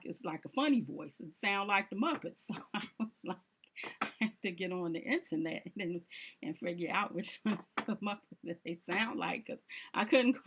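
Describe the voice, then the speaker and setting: Woman, lower register, casual and insistent monologue vlogger. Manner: emphatic and repetitive, talking straight at the viewer; informal, with fillers and short laughs.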